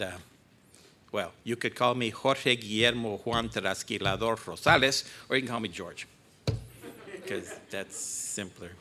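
Emotional older male guest preacher, bright voice. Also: mid-range voice. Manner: choked up, joking, self-deprecating. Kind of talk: emotional sermon opening. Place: church sanctuary.

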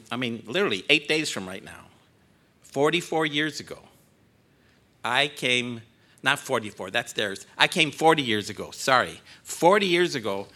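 Emotional older male guest preacher, bright voice. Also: medium pitch. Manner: choked up, joking, self-deprecating. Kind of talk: emotional sermon opening. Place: church sanctuary.

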